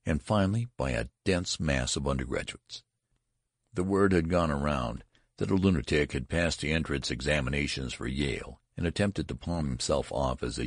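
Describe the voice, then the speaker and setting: An audiobook narrator with a very deep, gravelly male voice reads scripted narration in a dry, studio-quality recording.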